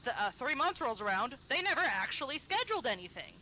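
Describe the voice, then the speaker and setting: Bright, lively young-sounding woman streamer. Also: sits high, fast talker, slight background noise, rough recording. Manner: animated storytelling, acts out phone calls. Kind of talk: casual chat while gaming.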